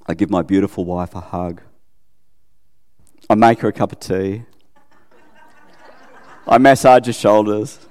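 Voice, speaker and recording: A man's voice: on the low side, a little slow, pauses often, darkish tone, in a large hall. A middle-aged Australian man preaching a casual, conversational sermon, often checking in with his listeners and poking fun at himself. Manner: chatty, self-deprecating, asks listeners questions.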